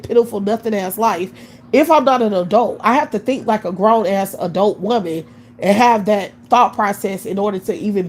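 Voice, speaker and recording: A woman's voice: fairly high pitch, darkish tone, low-quality recording. A woman in her late thirties ranting bluntly on a live stream, scornful and swearing constantly. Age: 30s. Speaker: livestream host. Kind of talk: profane live-stream rant.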